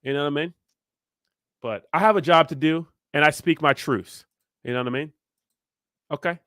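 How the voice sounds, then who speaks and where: A man's voice: on the high side, moderate pace, sharp tone, no echo, studio quality. A young man hosting a crypto livestream, ranting in a fired-up way and answering viewers, often asking "you know what I mean". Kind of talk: live stream chat, reacting to viewers.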